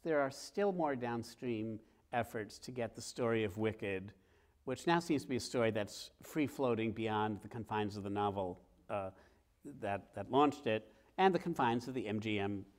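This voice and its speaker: A middle-aged author talking with a host before a live theater audience, telling stories in a lively way and acting out scenes. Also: male voice, on the low side. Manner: lively, acts out scenes with sounds and quoted voices. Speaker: author guest. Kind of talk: animated storytelling in conversation.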